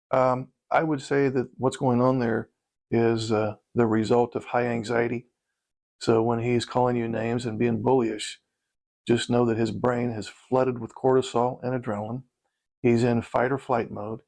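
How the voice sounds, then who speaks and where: A man's voice: mid-range voice, vocal fry, a little mellow. A man, a relationship coach, talking casually to camera and walking listeners through practice scripts. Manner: instructive, leads listeners through repeat-after-me scripts.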